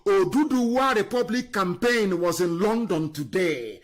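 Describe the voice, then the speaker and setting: A man giving an impassioned political speech on a live broadcast, scornful and fiery, swinging from loud declarations to low muttering. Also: animated, unhurried. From Nigeria. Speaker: activist leader on a live broadcast.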